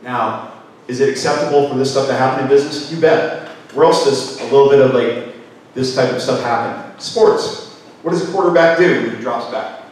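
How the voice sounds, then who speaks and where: A man's voice: medium pitch, normal speed. A man giving a live workshop talk, asking his audience many questions. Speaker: workshop speaker. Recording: echoey hall, mic far off.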